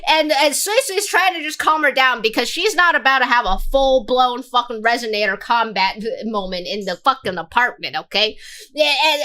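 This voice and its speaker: A woman livestreamer giving casual commentary in an animated, crude and rambling way. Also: high-pitched.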